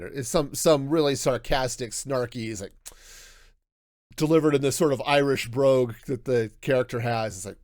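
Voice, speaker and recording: A man hosting a podcast, talking through a book review in a casual, animated way, often restarting his sentences. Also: mid-range voice, moderate pace, no room sound, clean studio sound. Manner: animated, self-interrupting with restarts and laughs. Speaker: podcast host.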